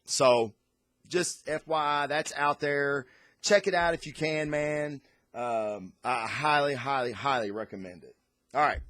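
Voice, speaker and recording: A man hosting a casual comic and movie review, rambling and excitable, with lots of fillers and restarts. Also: medium pitch, unhurried, no room sound. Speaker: host.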